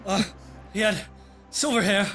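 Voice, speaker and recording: A man narrating as game master in a tabletop game, halting, with many fillers. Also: sits high, fairly bright tone, soft background music.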